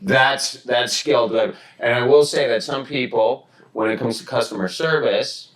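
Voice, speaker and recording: A man's voice: mid-range voice, normal speed, fairly bright tone, poor audio. A man joking in casual group banter as a podcast guest, mock-boastful and swearing freely.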